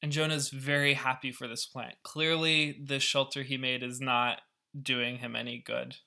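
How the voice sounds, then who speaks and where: Bright-voiced man explaining a scripture story. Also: medium pitch, little pitch movement, normal speed, creaky. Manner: casual, wry explanations with asides. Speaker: podcast Bible teacher.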